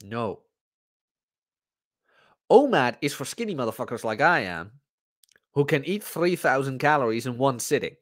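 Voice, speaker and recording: A man's voice: medium pitch, very animated, moderate pace, long pauses, fairly bright tone. A man hosting a podcast, ranting bluntly and profanely in a casual livestream. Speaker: podcast host.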